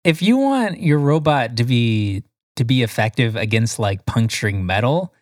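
A man's voice: mid-range voice, lively intonation, moderate pace, no room sound, studio quality. A man co-hosting a casual podcast, rambling and stumbling over his words. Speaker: podcast co-host. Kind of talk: casual chat.

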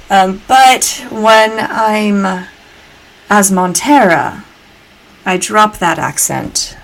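A woman's voice: medium pitch, extremely slow, a bit bright, rough recording. A woman from Georgia, a podcast guest chatting casually with lots of fillers. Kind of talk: casual chat.

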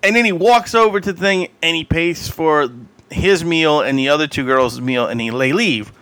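A podcast co-host tells a rambling story in loose chat, breaking into loud quoted voices and laughing as he goes. His voice is fairly high and bright with a tense edge. The sound is dry, with no room around it. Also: normal speed, dry recording.

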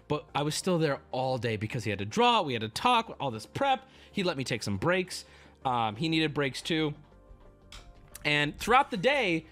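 A man streamer telling a story in casual chat, excitable and swearing, dropping low and then jumping loud. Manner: excitable, profane, swings between hushed and loud.

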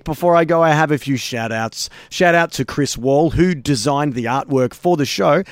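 A man's voice: fairly high pitch, moderate pace, no room sound, studio quality. A young Australian man hosting a podcast, laid-back and jokey, chatting casually and laughing often. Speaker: podcast host. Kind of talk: casual podcast outro and chat.

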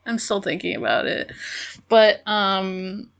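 A young woman co-hosting a podcast, chatting casually and excitedly, gushing and swearing freely. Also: mid-range voice, takes it slowly, vocal fry, dull audio. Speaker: podcast co-host. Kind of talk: casual chat.

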